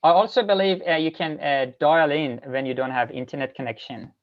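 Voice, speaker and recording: A man's voice: on the high side, steady tone, fairly quick, lo-fi sound. A man in a video meeting, speaking in an easygoing, reassuring way. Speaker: meeting participant. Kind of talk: casual video call chat. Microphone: video call.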